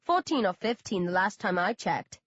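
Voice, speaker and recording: A woman's voice: medium pitch, very animated, normal speed, fairly bright tone, slightly rough, dry recording. Woman reader voicing a purring cruel villainess, dry dull sound. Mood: gleeful. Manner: trilling, purring. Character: gleeful cruel woman with a gun.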